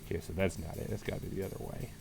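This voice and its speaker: A young man streams a puzzle game, with deadpan asides and read-aloud in-game text. His voice sits low and is edged with gravelly fry. Soft game music plays faintly under him. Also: racing. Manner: dry, wry humour while reading in-game text aloud. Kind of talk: let's play commentary.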